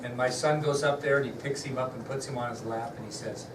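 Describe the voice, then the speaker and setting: A man's voice: mid-range voice, steady tone, fast. A middle-aged man teaching a class, chatting directly with his students as he recounts a story. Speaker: history teacher. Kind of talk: classroom lecture with a personal story. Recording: echoey classroom from far off, noisy.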